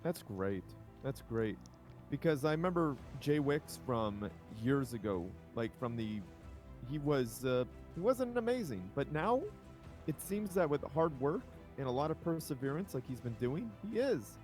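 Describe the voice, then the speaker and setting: A man's voice: mid-range voice, big pitch swings, unhurried, darkish tone, faint music behind. Rambling, enthusiastic male co-caster. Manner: rambling, enthusiastic, self-correcting. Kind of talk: casual live-stream casting chat. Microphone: home microphone over an online voice call.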